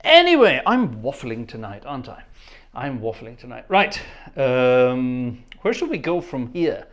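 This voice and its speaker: A man's voice: mid-range voice, expressive, a little slow. A man hosting a casual livestream, chatty and rambling, laughing often and thanking viewers by name. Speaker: livestream host and organist. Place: home studio.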